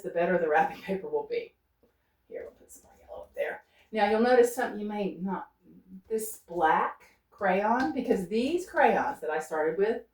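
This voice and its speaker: In an art studio, a woman paints while talking through her work unscripted, thinking aloud and urging herself to stay loose rather than fuss over details. Her voice is medium-pitched and a little mellow, captured from a distance with roomy studio sound.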